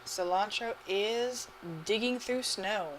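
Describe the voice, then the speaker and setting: A woman calls a live game match, chatty and excitable, laughing easily. Her voice sits at a middle pitch, with faint noise under the recording. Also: slow pace, rough recording. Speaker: match commentator. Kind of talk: live esports commentary.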